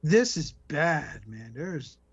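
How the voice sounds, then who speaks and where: A man with a fairly high voice rants sarcastically through casual podcast banter, swearing at every turn. The sound is slightly muffled and lo-fi. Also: big pitch swings, takes it slowly, gravelly, slightly rough. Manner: ranting, sarcastic, swears constantly, mock voices. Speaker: podcast host.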